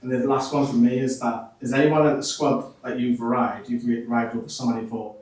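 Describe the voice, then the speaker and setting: Fast-talking man, distant and roomy. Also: mid-range voice, flat delivery, a little mellow. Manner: playful, jokey questions. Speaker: fan channel reporter. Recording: very roomy, distant from mic, faint noise.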